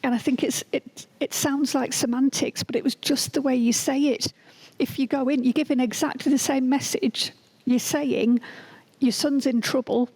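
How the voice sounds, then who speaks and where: A woman's voice: sits high, fairly even intonation, moderate pace, darkish tone, husky, low-quality recording. A middle-aged woman, a school principal being interviewed, telling anecdotes in an earnest way. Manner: earnest, acts out quoted dialogue. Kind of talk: podcast interview, anecdotal storytelling.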